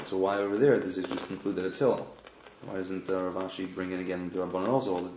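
A man in a study group reading the text aloud in quick runs and raising questions. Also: sits low, little pitch movement. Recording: roomy, muffled, noisy room recording.

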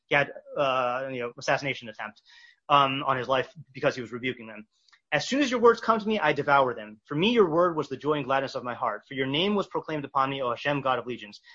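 A man teaching a text study class, reading verses slowly and explaining them with many fillers and restarts. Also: medium pitch, bright, forceful tone. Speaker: Torah teacher. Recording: dull lo-fi recording.

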